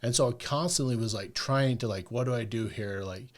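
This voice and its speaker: A man's voice: medium pitch, fairly quick. A man chatting casually as a podcast guest, telling a long personal story and peppering it with "like" and "right?". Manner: rambling, peppers talk with "like" and "right?".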